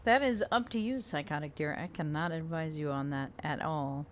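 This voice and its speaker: Болтливая стримерша за игрой. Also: female voice, deep voice, moderate pace, a little hiss or hum. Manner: chatty, reads viewer names aloud. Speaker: streamer. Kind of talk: casual let's-play commentary.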